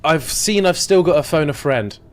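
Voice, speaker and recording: A young man commentating casually on a live game stream, jokey, excitable and swearing freely. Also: fairly high pitch, moderate pace, music in the background.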